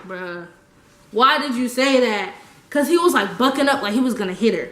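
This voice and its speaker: A young woman telling a story casually, animated and slangy, laughing often. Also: a little high, fairly quick, echoey room. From United States. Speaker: vlogger.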